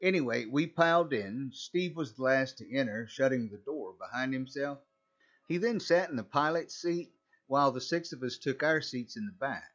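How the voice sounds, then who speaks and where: A man narrates a first-person horror story in a conversational, wry way, at an ordinary pitch for a man. The recording is a little dull and muffled. Faint background music runs under his voice. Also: animated, normal speed, fairly bright tone.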